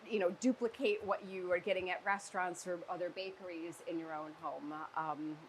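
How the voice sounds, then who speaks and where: A woman talking casually as a guest, explaining food flavors in an animated, chatty way. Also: on the low side, fairly quick, a little hiss or hum, low-quality recording. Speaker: guest flavor company representative. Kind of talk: casual chat.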